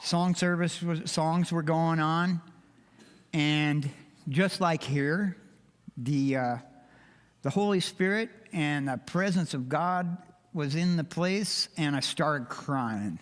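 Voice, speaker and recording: Older man, slightly high voice, heartfelt and emotional testimony, echoing church hall. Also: takes it slowly. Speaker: church member giving a testimony. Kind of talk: personal testimony to a congregation. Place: church sanctuary. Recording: long reverb of a church hall.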